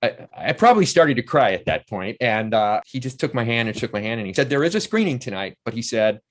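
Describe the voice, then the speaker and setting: A fast-talking man in his sixties with a medium-pitched voice, an actor and playwright, tells stories in a casual interview. He's an animated storyteller who acts out the voices of the people he quotes.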